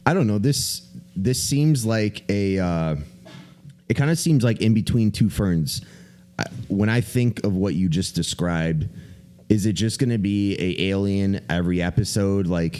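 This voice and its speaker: Man, low pitch, mellow tone, casual podcast chat, rambling, profane. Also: clear, resonant tone. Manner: rambling animated storytelling, swears a lot. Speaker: podcast co-host.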